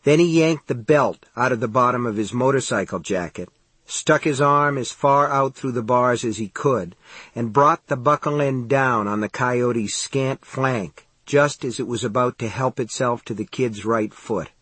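This man narrates an audiobook with steady, measured storytelling. His voice sits at medium pitch with a breathy edge, and the recording is dry.

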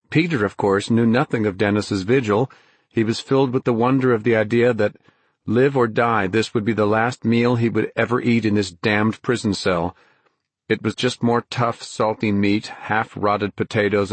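A man narrating a novel as an audiobook, in a measured, even storytelling way. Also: fairly low pitch, breathy edge, dry recording. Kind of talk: scripted narration.

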